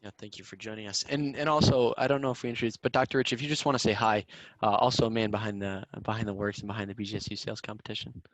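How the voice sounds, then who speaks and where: A man's voice: fairly low pitch, steady tone, rapid-fire, no echo, rough recording. A young man coaching students on a video call in an upbeat, casual way, often repeating words as he talks. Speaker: student sales competition coach.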